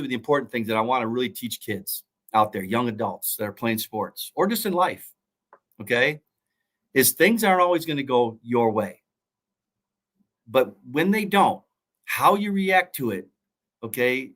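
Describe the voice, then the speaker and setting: A man's voice: mid-range voice, animated, normal speed, fairly bright tone. Earnest preachy middle-aged man. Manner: earnest, preachy, repeats key phrases. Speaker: college football coach and former pro player. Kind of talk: motivational interview talk.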